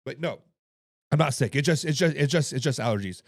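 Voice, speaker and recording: Gravelly, hoarse-voiced man sports host. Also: medium pitch, lively intonation, brisk, dry recording, clean studio sound. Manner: chatty, greets viewers in chat. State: hoarse from coaching. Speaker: podcast host. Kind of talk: casual live-stream sports talk.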